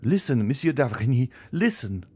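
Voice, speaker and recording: A man's voice: medium pitch, very animated, moderate pace, darkish tone, slightly rough, dry recording, pitched above the performer's own voice. A man voicing an impassioned young man in an audiobook, pleading and swearing vengeance. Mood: urgent.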